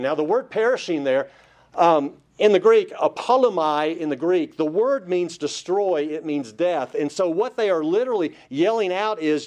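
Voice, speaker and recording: A man's voice: fairly high pitch, animated, unhurried, darkish tone. A man preaching a Bible-study sermon, emphatic, with rhetorical questions put to listeners. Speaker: pastor.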